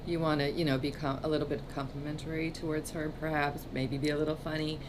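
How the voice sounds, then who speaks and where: A woman's voice: deep voice, little pitch movement, quick pace, background noise. A woman co-hosting a dating advice chat, giving frank, matter-of-fact advice. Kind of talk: casual chat.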